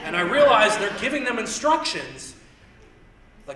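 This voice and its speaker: A young man from Indiana doing a stand-up comedy set on a theater stage, telling rambling stories and punching lines with sudden shouts. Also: high-pitched, very animated, a little slow, background noise. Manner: loose, rambling storytelling with stutter-mimicking bits and sudden shouted punchlines. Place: theater stage with live audience. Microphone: handheld stage mic. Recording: roomy theater sound.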